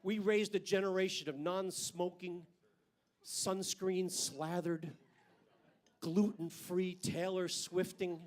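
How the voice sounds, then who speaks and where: Slow and fairly even in intonation, this older man's high-pitched voice carries a brash, profane stand-up set on a club stage. He holds a handheld mic and hits every punchline hard.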